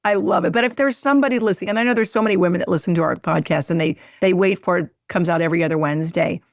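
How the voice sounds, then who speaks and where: A woman hosting a podcast in casual conversation, effusive and gushing, quick to laugh. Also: fairly low pitch, no room sound, clean studio sound. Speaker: podcast host.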